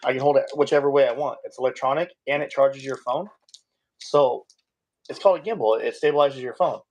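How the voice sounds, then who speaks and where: Rambling gravelly man in casual chat. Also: fairly quick, muffled recording. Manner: rambling, animated, voice jumps high when excited. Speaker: live streamer.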